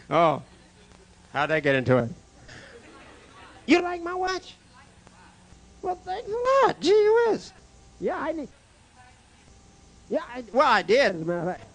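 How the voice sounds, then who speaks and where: A male comedian on a club stage, his voice pitched unusually high and sharp, bouncing through a wide, animated range. He fires off brash one-liners and teases the audience between jokes. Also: measured pace, creaky, pauses often. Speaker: stand-up comedian. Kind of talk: stand-up comedy with crowd work.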